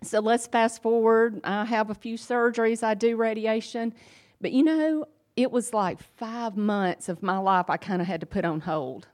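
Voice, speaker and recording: A woman's voice: fairly high pitch, fairly even intonation, normal speed. Earnest woman giving a faith testimony. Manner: earnest and emphatic, conversational with fillers. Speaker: speaker sharing a faith testimony. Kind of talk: personal testimony.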